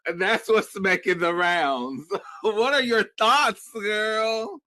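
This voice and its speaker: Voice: mid-range voice, slow pace, bright, forceful tone, no echo. A panel host gossiping in casual chat, sassy and laughing often.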